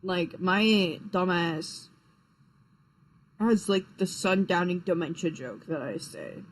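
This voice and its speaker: A young man rambles through stories on a live stream, swearing freely and tripping over his own restarts. He sounds sleepy and unhurried, with a casual, offhand delivery. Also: sits high, fairly bright tone, poor audio. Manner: rambling, profane, frequent fillers and restarts. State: tired, yawning.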